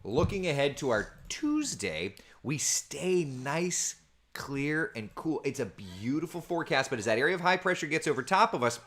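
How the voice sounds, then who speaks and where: A man's voice: on the high side, big pitch swings, moderate pace, fairly bright tone, slight background noise. A man giving a casual weather forecast from home, chatting and rambling through viewer comments on a computer camera mic. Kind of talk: casual livestream forecast chat. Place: at home with his small children nearby.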